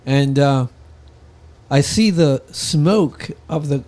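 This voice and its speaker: A man's voice: medium pitch, slow, a little mellow. A man in casual chat, telling a rambling story in a laid-back way and acting out what people said.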